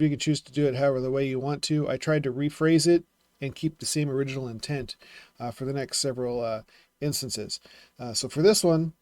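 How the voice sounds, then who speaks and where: A man's voice: medium pitch, a little mellow, dry recording. Male vlogger, casual teaching tone, fillers and self-corrections, mid-range voice, dry recording. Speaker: self-publishing vlogger critiquing writing. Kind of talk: casual explanatory vlog.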